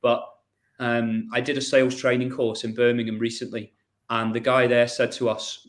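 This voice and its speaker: A man's voice: medium pitch, little pitch movement, normal speed. A man hosting a podcast in a casual, chatty way, often restarting and repeating words. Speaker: podcast host.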